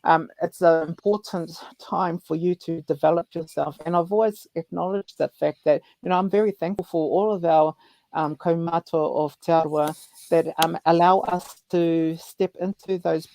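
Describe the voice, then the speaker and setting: Animated New Zealand man, dry sound. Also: on the high side, normal speed, gravelly, no echo, low-quality recording. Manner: animated storyteller who acts out elders' voices. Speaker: host. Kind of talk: casual chat.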